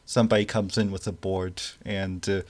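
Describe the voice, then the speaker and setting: A man narrating a tabletop game as game master, slow and halting, with many restarts. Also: low voice, level tone.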